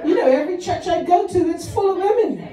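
With an extremely high pitch and a quick, animated delivery, a woman does stand-up in a church hall, mocking herself chattily and stretching her punchlines. The live audience laughs in an echoey space, and the recording was made from far off.

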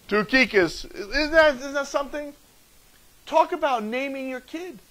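A man preaching a sermon in a church, animated and joking as he teaches from scripture. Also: extremely high pitch, takes it slowly, long pauses, poor audio. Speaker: pastor. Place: church sanctuary.

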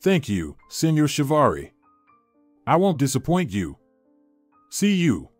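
A man's voice: medium pitch, sing-song, moderate pace, darkish tone, no room sound, soft background music, close to an everyday voice. A man voicing an eager, polite young woman student in a narrated story. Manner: eager, polite, slightly shy.

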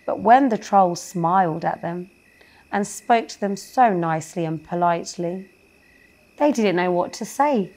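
A woman reads a children's bedtime story at a slow, unhurried pace. She speaks gently and often stops to ask her young listeners questions. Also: lowish voice, animated. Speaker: storyteller for a kids show.

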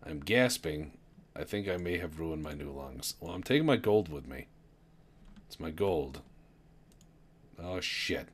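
A man giving casual gameplay commentary with wry, deadpan asides. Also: very deep voice, unhurried, long pauses, a little hiss or hum. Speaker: gamer.

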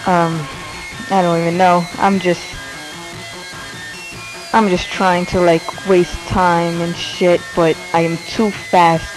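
Slow-talking sick young woman ranting. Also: on the low side, level tone, music in the background. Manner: exasperated, swearing, rambling. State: sick, coughing. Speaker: gaming video creator. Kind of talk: casual gameplay commentary. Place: bedroom.

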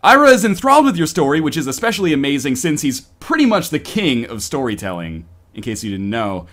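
A man's voice: medium pitch, big pitch swings, fast talker, fairly bright tone. A man hosting a casual podcast, reading a choose-your-own-adventure story aloud to friends in a playful, mock-dramatic way. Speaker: podcast host.

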